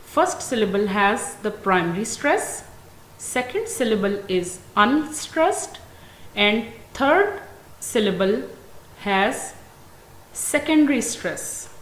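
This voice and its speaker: A woman with a Pakistani English accent, teaching an English class, speaking very slowly and deliberately and stressing each example word. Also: mid-range voice, very animated, a bit bright. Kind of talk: classroom lecture. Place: school classroom. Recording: echoey room, faint ambient noise.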